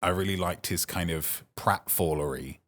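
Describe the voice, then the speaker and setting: A man's voice: low voice, moderate pace, a bit bright. A British man chatting casually as a podcast co-host, hesitant and full of restarts, laughing often. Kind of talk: casual chat.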